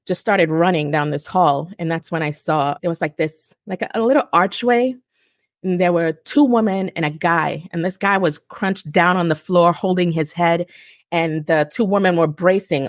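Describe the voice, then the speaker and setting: A woman in her forties, a guest telling a personal story in a halting way with restarts and self-corrections. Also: deep voice, no room sound, studio quality. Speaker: guest survivor.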